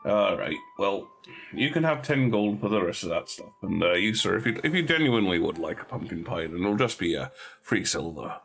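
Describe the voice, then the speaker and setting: A man's voice: sits low, sing-song, a little fast, creaky, fairly bright tone, faint music behind, full character voice. A man voicing a polite, hesitant farmer and former soldier. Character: honest middle-aged male farmer and ex-soldier.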